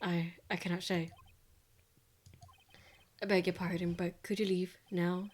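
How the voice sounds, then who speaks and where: A woman's voice: on the low side, flat delivery, measured pace, a little mellow. A woman doing a pompous old lawyer. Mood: dismissive. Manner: stuffy, formal, clears throat a lot. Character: pompous old male lawyer, fussy, evasive. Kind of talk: reading game dialogue aloud.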